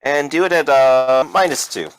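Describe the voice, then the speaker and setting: A man running a tabletop role-playing game as game master, relaxed and joking, with many fillers. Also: mid-range voice, normal speed, clear, resonant tone, no echo, rough recording.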